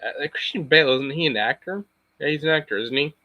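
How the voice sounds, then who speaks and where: A man's voice: on the high side, quick pace, no echo, highs cut off. Rambling man chatting on a stream. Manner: rambling, full of fillers and restarts. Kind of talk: casual live-stream chat.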